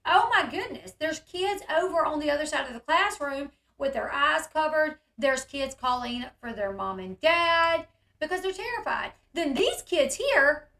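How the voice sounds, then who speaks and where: A woman hosting casual commentary on a video, talking in an animated way and acting out the yelling she describes. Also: sits high, unhurried, reverberant. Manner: animated, reacts loudly, acts out quoted yelling. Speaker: commentary host.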